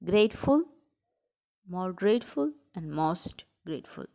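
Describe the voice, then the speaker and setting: Woman teacher explaining grammar slowly. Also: fairly low pitch, sing-song, gravelly, mellow. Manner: explains step by step, often checks with "right?"; spells out letters and breaks words into syllables slowly. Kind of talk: grammar lesson for children.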